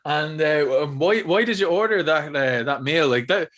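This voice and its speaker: A man's voice: on the high side, expressive, moderate pace, a crowd in the background. A man with an Irish accent hosting a casual podcast chat, laid-back and jokey, swearing freely. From Ireland. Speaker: podcast host.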